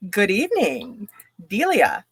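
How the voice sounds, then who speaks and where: A woman's voice: medium pitch, wildly swooping pitch, slow, background noise. A woman hosting a casual livestream interview, chatting animatedly and reading viewer comments aloud. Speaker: host.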